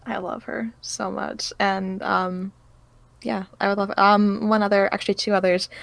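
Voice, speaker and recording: Female voice actor guest, mid pitch, giggly and hesitant, dry mic. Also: flat delivery, unhurried, gravelly, no room sound. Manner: giggly, hesitant with many fillers. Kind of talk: casual interview chat.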